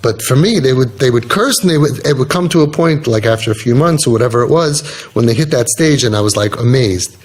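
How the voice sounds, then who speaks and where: A man's voice: medium pitch, expressive, a little fast, hardly any pauses. A middle-aged man giving an earnest storytelling talk as a youth mentor. He talks emphatically and repeats his key phrases.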